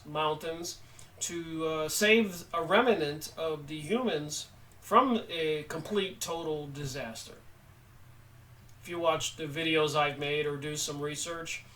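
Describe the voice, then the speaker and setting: A man giving an unhurried spoken book review, halting often with pauses as he talks. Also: fairly high pitch, a bit bright, far from the mic, rough recording. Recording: voice set back from the mic.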